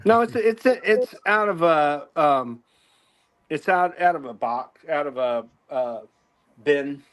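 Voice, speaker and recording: A man's voice: on the high side, animated, takes it slowly, a bit bright. A man casually showing off his comic collection, admiring each book. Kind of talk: casual chat.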